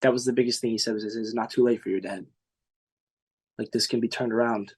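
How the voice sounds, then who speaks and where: A man in his mid-twenties, a podcast guest, talking in a casual, halting way with many fillers and restarts, earnest and emotional. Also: mid-range voice, fairly even intonation, darkish tone, slightly rough. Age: 20s. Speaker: podcast guest, former singing contestant. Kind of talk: emotional interview recollection.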